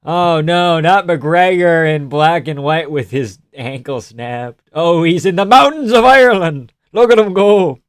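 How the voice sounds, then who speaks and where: A man's voice: a little high, expressive, a little slow, few pauses, fairly bright tone, clear, resonant tone, dry recording, studio quality. A man hosting a live stream, giving casual, joking reaction commentary on fights, swearing often and reading chat aloud.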